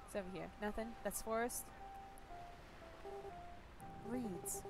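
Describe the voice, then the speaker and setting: A woman's voice: a little high, very animated, a little fast, over loud music. A young woman gaming streamer giving chatty, playful let's-play commentary and reading game text aloud.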